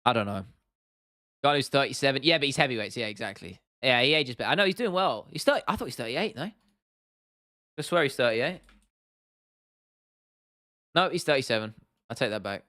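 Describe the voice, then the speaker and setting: A young man chatting on a livestream, giving blunt, opinionated takes and swearing freely. He often stops and restarts mid-sentence. His voice sits at an ordinary pitch and sounds close and dry, with no room around it. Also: animated, brisk, pauses often, sharp tone, dry recording. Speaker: livestream host. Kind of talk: casual livestream chat answering viewers.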